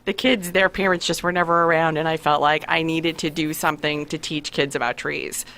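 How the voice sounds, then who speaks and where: A woman's voice: sits low, steady tone, brisk, fairly bright tone. A woman author talking as a guest on a radio show, candid and a little self-deprecating, wandering from topic to topic. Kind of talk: casual radio interview.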